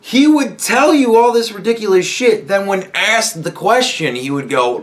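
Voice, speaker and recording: A man's voice: sits high, lively intonation, normal speed, hardly any pauses. A man hosting a podcast, ranting casually and sarcastically with heavy swearing and mocking quoted voices. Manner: profane, sarcastic, mocking impressions. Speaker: podcast host. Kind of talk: casual political rant.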